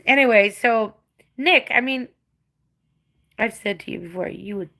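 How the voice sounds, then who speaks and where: A woman's voice: fairly high pitch, unhurried, vocal fry, bright, forceful tone. Blunt, profane English woman livestreaming. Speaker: livestreamer answering chat. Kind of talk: casual livestream chat.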